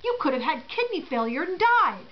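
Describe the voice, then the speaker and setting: A woman's voice: high-pitched, very animated, normal speed, pitched above the performer's own voice. A woman voicing a curt, reproachful female hospital nurse, heard on a dull lo-fi recording. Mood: scolding. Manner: brusque, reproachful.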